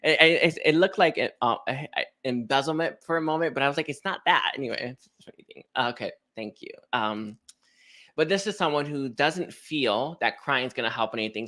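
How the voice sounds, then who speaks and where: A man's voice: mid-range voice, pushed and bright. A man giving a casual, rambling spiritual reading, chatting to viewers with lots of fillers and restarts. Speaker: spiritual card reader.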